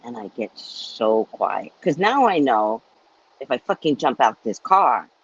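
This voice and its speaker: A woman hosting a psychic live stream, telling a casual, chatty story in an animated way with frequent laughs and repeated words. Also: very deep voice, a little slow, breathy edge, highs cut off.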